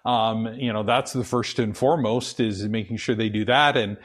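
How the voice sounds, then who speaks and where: With a lowish, steady voice at an ordinary pace, a middle-aged man gives a chatty sermon and testimony as a lay preacher. Earnest and confessional, he hesitates throughout, using many fillers and starting sentences over.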